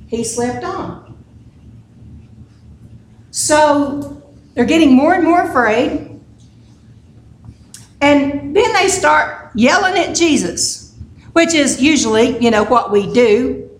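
A woman's voice: high-pitched, lively intonation, takes it slowly, long pauses. A woman giving a casual sermon, retelling a scripture story in a conversational way with humorous asides. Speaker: preacher. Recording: echoey room with faint noise.

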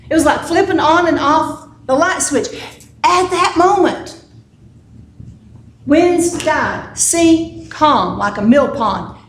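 A woman giving a casual sermon, retelling a scripture story in a conversational way with humorous asides. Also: sits high. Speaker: preacher. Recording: echoey room with faint noise.

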